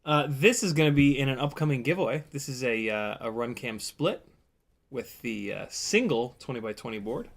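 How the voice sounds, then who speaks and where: Excitable man hosting a drone stream. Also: mid-range voice, moderate pace, gravelly, a little hiss or hum. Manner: excitable, exclaiming and swearing while flying; jokey, laughs often. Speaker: FPV drone pilot and live stream host. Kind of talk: casual live stream commentary.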